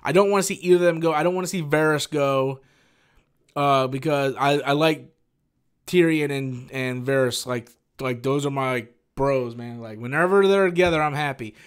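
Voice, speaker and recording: A man hosting a casual live-stream Q&A, rambling and animated as he answers viewer questions and swears freely. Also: medium pitch, moderate pace, clear, resonant tone.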